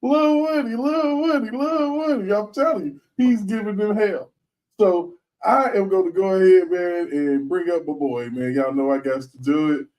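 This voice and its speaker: A man hosting a casual commentary show, talking in an animated, slangy way and laughing often. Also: a little high, moderate pace, distant mic, poor audio. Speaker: host.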